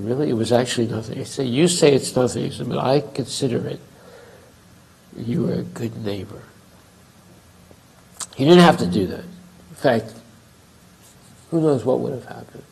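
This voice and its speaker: A man's voice: mid-range voice, gravelly, darkish tone, a little hiss or hum, low-quality recording. A man giving a class at a temple, telling a story conversationally and acting out both sides of a dialogue. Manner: conversational, acts out quoted dialogue. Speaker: temple speaker.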